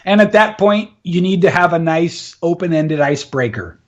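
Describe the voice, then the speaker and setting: Male voice coach, interview guest, upbeat and laugh-prone, voice sits a touch high. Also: animated, moderate pace, muffled recording. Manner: enthusiastic, laughs often, demonstrates with his voice. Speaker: voice and communication coach. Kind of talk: interview, explaining techniques.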